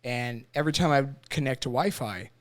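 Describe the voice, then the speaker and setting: A young man on a podcast talking haltingly and often repeating his words, with his voice trailing off at times. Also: mid-range voice. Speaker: podcast co-host, veteran. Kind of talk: casual conversation.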